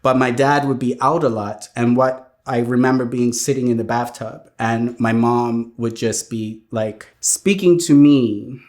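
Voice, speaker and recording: A young man, telling his life story in a reflective, halting way with many pauses and restarts. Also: medium pitch, fairly even intonation, darkish tone. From Bermuda. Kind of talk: personal testimony interview.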